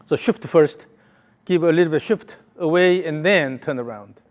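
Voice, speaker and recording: A man's voice: a little high, normal speed. A male golf coach giving a hands-on lesson, calling short repeated cues and humming the count and rhythm.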